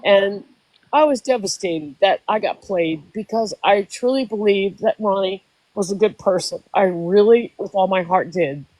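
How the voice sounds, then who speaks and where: A woman's voice: medium pitch, unhurried, a little mellow, no room sound, poor audio. Older woman, 60s, emotional rambling storyteller, dry recording. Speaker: guest. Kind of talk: casual chat.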